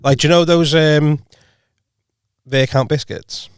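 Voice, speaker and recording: A man's voice: fairly high pitch, fairly even intonation, unhurried, clear, resonant tone, no echo, studio quality. A man co-hosting a podcast in casual chat, teasing and joking, laughing often. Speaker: podcast co-host.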